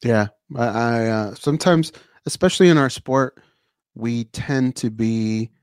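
A man's voice: medium pitch, a little slow, clear, resonant tone, no echo, studio quality. A man co-hosting a casual sports talk show, speaking in an earnest, emphatic way.

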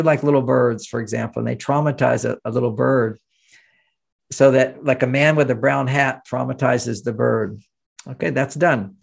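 Man from the US, gravelly tone, middle pitch, animated interview talk. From United States. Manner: animated, acts out quoted voices, chuckles. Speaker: relationship author and interview guest. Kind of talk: conversational interview explanation.

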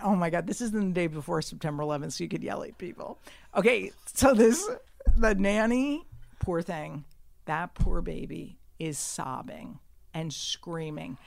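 A woman telling a story in casual chat, brash and profane, swinging from hushed asides to shouting. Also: lowish voice, creaky, dry recording.

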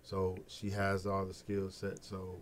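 A middle-aged man from Peoria, speaking as a guest in a casual podcast interview, an animated storyteller who laughs as he talks about his family. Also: low-pitched, a little slow, slight background noise. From Peoria, Illinois. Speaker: guest, Head Start program director.

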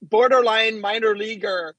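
A middle-aged man co-hosting a sports talk show, telling lively stories and acting out quotes. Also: sits high, unhurried, dry recording, muffled recording. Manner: animated storyteller, acts out quotes. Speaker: radio co-host, former goalie. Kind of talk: casual sports talk, storytelling.

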